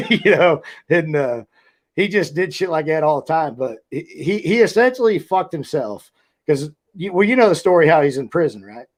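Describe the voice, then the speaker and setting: Man, casual profane storyteller, slightly raised pitch, video call. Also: sing-song, normal speed. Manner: loose, profane storytelling with acted-out quotes. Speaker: podcast co-host, former wrestler.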